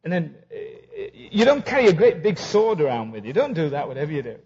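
High, lively preacher man on a dull recording. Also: brisk. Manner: storytelling, acting out both sides of conversations. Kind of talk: humorous sermon.

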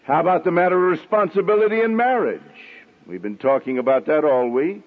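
Husky-voiced preacher in full sermon flow. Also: male voice, a little high, lively intonation, big-room sound, narrow, tinny audio. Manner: dramatic pauses, acts out quoted voices.

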